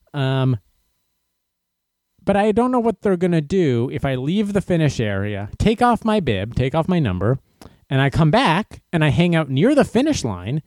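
A man's voice: a little high, a little mellow, no echo. A man venting sarcastically and incredulously in a casual monologue, recorded indoors. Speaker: runner venting to camera. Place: indoors in a room.

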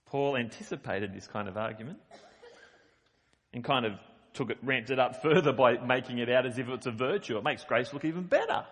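This middle-aged preacher talks through his sermon conversationally, reading verses aloud and unpacking them with emphasis on the quoted lines. His mid-range voice is expressive, a little fast, and carries a breathy edge, with a long hall reverb around it.

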